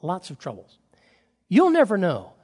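A middle-aged man preaching a sermon as pastor, telling stories animatedly and acting out the dialogue, swinging between loud and quiet. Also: high-pitched, huge pitch swings, measured pace, husky, long reverb tail.

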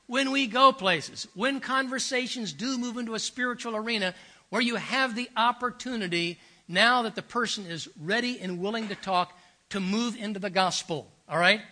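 Bright-voiced older man preaching. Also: extremely high pitch. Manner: earnest, emphatic storytelling with repeated phrases. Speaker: pastor. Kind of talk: sermon.

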